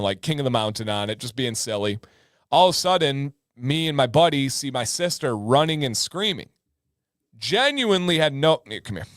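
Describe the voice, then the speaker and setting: A man in his thirties hosting a casual livestream, chatting with viewers and telling stories with lively sound effects. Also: medium pitch, no room sound, studio quality. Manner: animated storyteller with sound effects. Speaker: livestream host.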